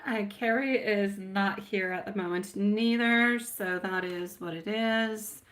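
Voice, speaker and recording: Bright-voiced woman doing tarot live. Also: medium pitch, takes it slowly. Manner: affectionate, calls viewers sweetie and my love; chatty and meandering, reading out viewer names. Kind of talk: live-stream tarot reading.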